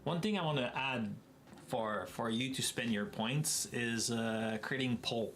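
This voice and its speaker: A man with a Québécois accent hosts a casual livestream and speaks at an unhurried pace, laughing often as he answers chat. His first language is French, and a faint hiss of noise sits behind his voice. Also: medium pitch, a bit bright. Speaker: livestream host.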